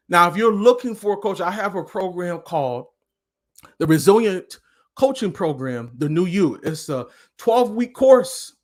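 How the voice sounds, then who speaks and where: A man giving a passionate live motivational talk as a life coach, with a preaching cadence that at times turns loud. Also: sits high.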